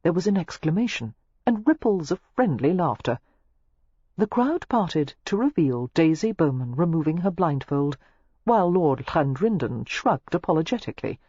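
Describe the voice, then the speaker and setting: A woman narrating a romance audiobook in a steady, expressive storytelling manner. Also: low-pitched, normal speed, breathy edge, dry recording, muffled recording.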